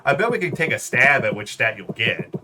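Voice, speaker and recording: A man's voice: medium pitch, sing-song, fairly quick, bright, forceful tone. A man casually commenting on a game stream, rambling and laughing often.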